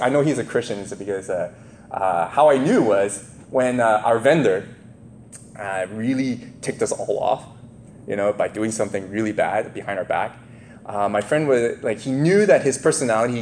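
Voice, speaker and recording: A man preaching a sermon, telling a parable with lively asides and acted-out voices. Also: mid-range voice, a little hiss or hum. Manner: animated, lively storytelling with asides and laughs.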